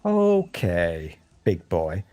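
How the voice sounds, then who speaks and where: A man's voice: sits low, huge pitch swings, drawn-out words, warm tone, faint music behind. A man with a British accent, talking in a rambling, jokey, crude way in a casual group chat.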